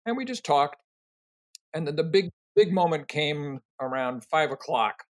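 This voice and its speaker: An older man answering interview questions, telling rambling, animated stories full of fillers and restarts. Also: fairly high pitch, a little slow. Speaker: interview guest, company co-founder.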